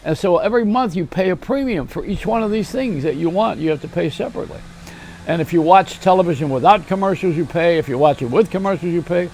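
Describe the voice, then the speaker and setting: A man's voice: high-pitched, fast, a little mellow, a little hiss or hum. An older man hosting a rambling, self-mocking comedy monologue, chuckling at his own jokes. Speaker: host.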